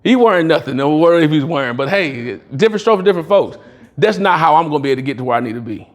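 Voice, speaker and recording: Guy speaker telling stories at a sales retreat, slangy, acts out the voices, kinda high voice. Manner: animated, acts out dialogue in other voices; casual, slangy storytelling. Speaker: motivational speaker. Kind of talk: storytelling speech at a sales retreat.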